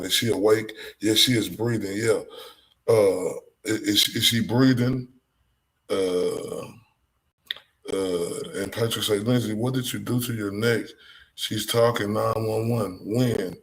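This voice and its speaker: A man from Dallas, Texas, with a Texan accent reads a transcript aloud on a live stream, reacting emotionally and exclaiming in disbelief. His voice is on the low side and steady, a little slow, captured on a rough recording.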